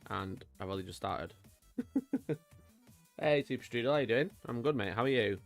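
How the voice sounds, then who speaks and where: A man's voice: medium pitch, expressive, moderate pace, vocal fry, soft background music. A British man hosting a live stream while painting miniatures, chatting casually and greeting viewers by name. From United Kingdom. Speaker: livestream host painting miniatures.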